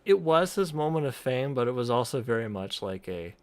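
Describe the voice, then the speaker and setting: A man streamer talks over a video in loose, profane commentary, rambling and cutting himself off. His pitch swings widely as he talks. The sound is close and dry, with no room around it. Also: big pitch swings, a little fast, few pauses, no echo. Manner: rambling, swearing, frequent restarts and laughter.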